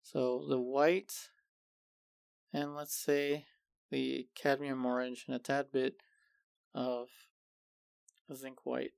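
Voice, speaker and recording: A man calmly explaining each step of a painting tutorial, unhurried and methodical. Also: medium pitch, vocal fry, clean tone, no echo. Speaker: art instructor.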